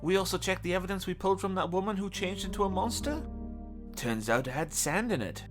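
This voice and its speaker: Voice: mid-range voice, fairly quick. A video game reviewer reading a scripted review voice-over with dry, wry humor. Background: faint game music.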